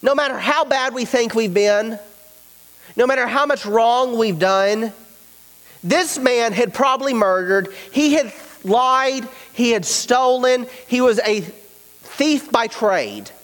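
High-voiced preacher in a reverberant hall. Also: male voice, takes it slowly, fairly bright tone. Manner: earnest, emphatic preaching. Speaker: pastor. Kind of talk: sermon.

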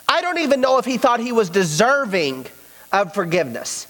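High-voiced preacher in a reverberant hall. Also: male voice, big pitch swings, moderate pace, fairly bright tone. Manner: earnest, emphatic preaching. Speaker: pastor. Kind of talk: sermon.

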